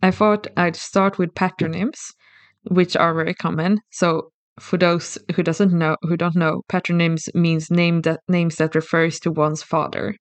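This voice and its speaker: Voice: mid-range voice, flat delivery, measured pace, no room sound. A co-host talks through a subject on a podcast, thoughtful and methodical, often restarting a phrase. The voice sits in a middle register. The recording is dry with no room sound. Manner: thoughtful, explains step by step with restarts. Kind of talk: casual explanatory podcast chat.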